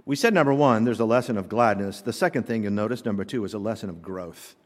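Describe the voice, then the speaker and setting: A man's voice: on the low side, fast talker. A man preaching a sermon as pastor, emphatic and full of rhetorical questions. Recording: long hall reverb.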